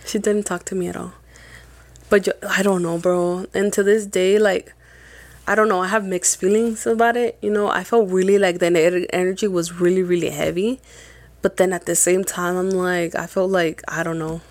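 A young woman from Mexico, a podcast co-host, telling a paranormal story in casual chat, animated and swearing often, with Spanish phrases mixed in. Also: lowish voice, normal speed, no room sound.

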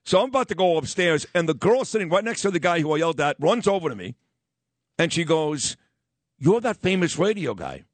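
A middle-aged radio host tells stories and offers sports takes in a lively, animated, wisecracking style, fast-talking and acting out others in quoted voices. His voice sits a bit high, and the studio sound is dry and close with no room sound.

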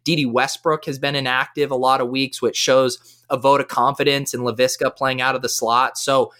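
A young man with a bright, forceful voice breaks down fantasy football picks in a casual podcast chat. He talks with high energy and quick analysis, dotted with "like" and "uh." His tone stays keen and engaged. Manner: energetic, fast analytical talk with fillers.

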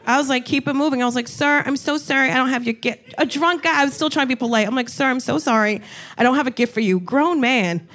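A woman comedian telling stories in a loose, animated way, swearing and laughing as she goes. Her voice sits a little higher than most women's. She talks like she's among friends on a casual chat show. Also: fast talker. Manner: profane, animated, laughs often. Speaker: comedian, co-host.

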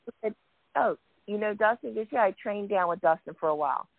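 A woman telling stories in a casual chat, quoting people as she goes and often clearing her throat. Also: medium pitch, fast talker, dry recording. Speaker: guest wrestling fan. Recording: tinny phone line, dry.

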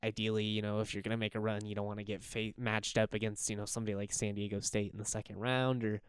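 Young male podcast host, rambling and chuckly; smooth, dry, close-miked. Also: on the low side, flat delivery, quick pace, dry recording. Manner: rambling, chuckling, self-correcting. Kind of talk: casual sports podcast talk.

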